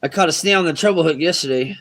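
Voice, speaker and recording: Man, slightly high voice, casual cursing chat, riverbank livestream. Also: quick pace, fairly bright tone. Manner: laid-back, swears freely, talks to chat. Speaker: fishing livestream host. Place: outdoors on a riverbank.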